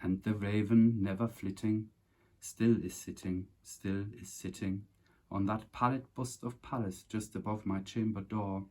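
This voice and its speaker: A man reciting a long poem from memory with a dramatic, declamatory delivery. His voice is low and a little husky. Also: fairly even intonation, a little slow, mellow. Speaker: poetry reciter.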